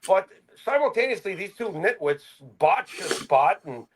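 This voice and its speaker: A man co-hosting a podcast in casual chat, telling lively stories and acting out the people in them. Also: high-pitched, moderate pace. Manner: animated storyteller, acts out quoted voices. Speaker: podcast co-host.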